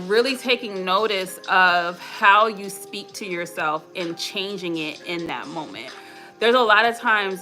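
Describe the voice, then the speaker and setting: A woman's voice: medium pitch, bright, forceful tone. A woman hosting a live motivational stream, speaking earnest affirmations and reflecting on self-talk. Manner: answers live chat between points. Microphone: webcam or phone mic on a live stream.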